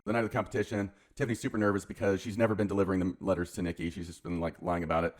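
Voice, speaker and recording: A man's voice: sits low, racing, few pauses. A man hosting his channel, casually retelling a film plot in a rambling, offhand, slangy way. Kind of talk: casual comedic film recap.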